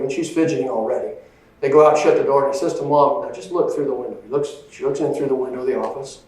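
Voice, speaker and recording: A man's voice: medium pitch, a little mellow, very echoey, distant mic, poor audio. A man giving a motivational leadership presentation, with an emphatic, conversational delivery that often checks in with "right?". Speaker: leadership speaker.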